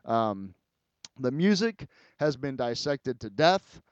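A man's voice: medium pitch, sing-song, slow pace, clear, resonant tone, no room sound, dull audio. A middle-aged man hosting a casual solo podcast, rambling and emotional, swearing freely and talking straight to his listeners. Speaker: podcast host.

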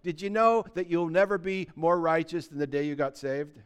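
A man preaching a sermon as pastor, talking conversationally and building to loud, emphatic peaks, often acting out what people say. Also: fairly high pitch, moderate pace, clear, resonant tone. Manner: acts out quoted voices of believers.

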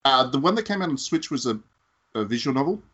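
A man's voice: medium pitch, lively intonation, fast talker, a bit bright, breathy edge, muffled recording. A man co-hosting a casual games chat, teasing and rambling as he runs through a list. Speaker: podcast co-host.

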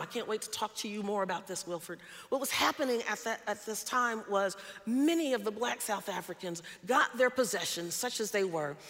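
A woman's voice: medium pitch, fairly bright tone, long reverb tail. A woman preacher telling a personal story in a sermon, earnest and emphatic.

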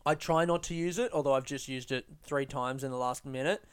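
A man's voice: medium pitch, fairly quick, clean tone. A man hosting a casual solo podcast, rambling in a profane, self-mocking way. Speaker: podcast host. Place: London, UK.

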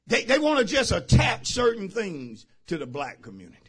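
A man preaching a sermon as pastor. He drives his points with shouted phrases and repeated calls to the congregation. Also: high-pitched, huge pitch swings, normal speed, slightly rough. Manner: emphatic call-and-response preaching, shouting key phrases. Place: church service.

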